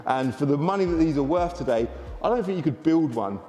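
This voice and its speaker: A man, a car dealer chatting excitedly to camera in a casual walkaround vlog. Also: a little high, brisk, big-room sound.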